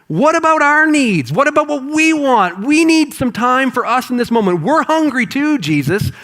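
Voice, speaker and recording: A man's voice: very high voice, fairly bright tone, voice pushed up, exaggerated voice. A man voicing exhausted, annoyed male disciples complaining in an exasperated, whining way.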